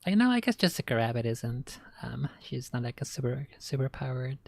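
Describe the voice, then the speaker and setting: Woman streamer, casual reaction chat, gravelly fry, dry close mic, rambling. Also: very deep voice, sing-song, a little fast, a little mellow, no echo. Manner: chatty, rambling, giggly.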